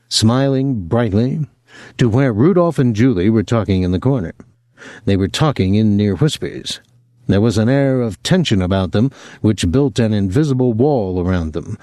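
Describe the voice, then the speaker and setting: A man reading a novel aloud as an audiobook narrator, in measured storytelling. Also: medium pitch, warm tone, dry recording, studio quality.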